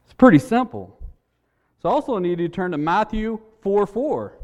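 A man's voice: high-pitched, very animated, moderate pace, darkish tone, big-room sound. A man preaching a sermon in a church, in an earnest, conversational way, repeating his words as he tells a story.

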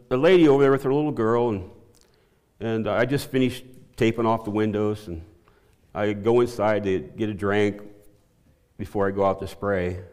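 Middle-aged man sharing a church testimony, mid-pitched, halting with restarts, laughs easily, goes up in pitch when excited. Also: big-room sound. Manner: voice climbs high and loud when excited. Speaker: church member giving testimony.

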